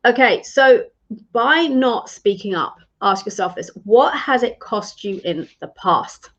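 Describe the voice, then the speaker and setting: A woman's voice: fairly high pitch, lively intonation, unhurried, fairly bright tone, lo-fi sound. A woman who works as a leadership and career coach gives an encouraging, conversational talk on a live stream, often restarting her phrases.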